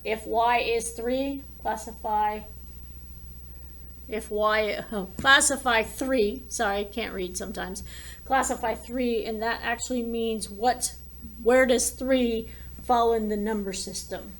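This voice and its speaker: Slow, careful woman teacher. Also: fairly high pitch, fairly even intonation. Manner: talks while drawing and working problems aloud. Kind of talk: recorded math lesson.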